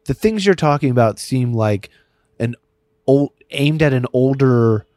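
A man's voice: mid-range voice, expressive, a little slow, darkish tone, dry recording. A man co-hosting a casual comedy podcast, riffing wryly with playful bits. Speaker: podcast co-host.

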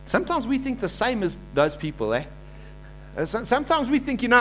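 A man preaching a sermon as pastor, animated, acting out quoted voices and asking the congregation to repeat lines after him. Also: extremely high pitch, fairly quick.

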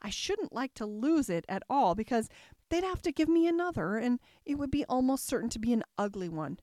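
A woman's voice: a little high, sing-song, brisk, mellow, no echo, studio quality. A woman voicing Alice, a curious young girl who chatters and wonders aloud to herself in a storybook reading. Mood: wondering.

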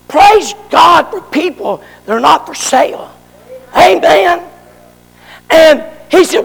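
A man preaching a fervent sermon, shouting for emphasis. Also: very high voice, animated, slow, vocal fry, long reverb tail.

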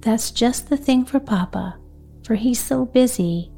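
A woman reading aloud, voicing a sweet, gentle little girl in an earnest, slightly lifted voice. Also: a little high, measured pace, gravelly, breathy edge, faint music behind, pitched above the performer's own voice, full character voice.

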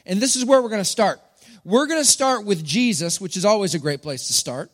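A man's voice: sits high, animated, a little fast, fairly bright tone. A middle-aged man from Texas, preaching a sermon to a congregation in a playful, joking manner. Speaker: pastor. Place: church hall. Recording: long hall reverb.

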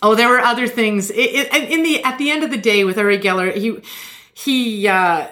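A woman hosting a podcast, telling a story in casual chat and acting out quotes with jumps in pitch. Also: normal speed. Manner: animated, acts out quotes with shifting pitch. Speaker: podcast host.

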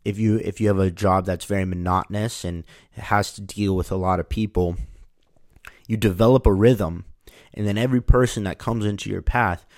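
A man's voice: lowish voice, fairly even intonation, moderate pace, darkish tone, dry recording, studio quality. A man telling a rambling, wry personal anecdote in a casual way, often restarting his words. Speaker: storyteller.

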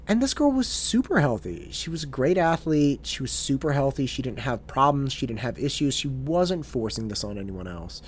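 A man's voice: medium pitch, big pitch swings, unhurried, slight background noise. A man who works as a tutor, telling a story in an earnest monologue and often repeating his words as he goes.

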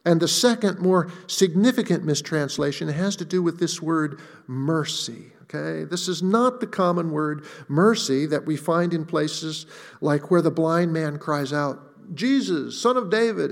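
A man's voice: fairly high pitch, creaky. Emphatic male preacher in a reverberant hall. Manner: deliberate, emphatic, slows for key words. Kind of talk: sermon. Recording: long reverb of a large hall.

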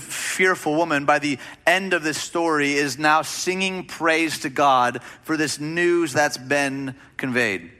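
A man's voice: a little high, sharp tone. A man preaching a sermon as a pastor, speaking in a conversational, emphatic way with rhetorical questions.

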